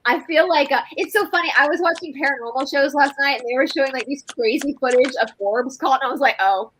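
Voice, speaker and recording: A woman co-hosting a casual spiritual livestream, chatty and animated, joking and reading passages aloud. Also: sits high, quick pace, a little hiss or hum, low-quality recording. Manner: chatty, laughing, animated storyteller. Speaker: co-host.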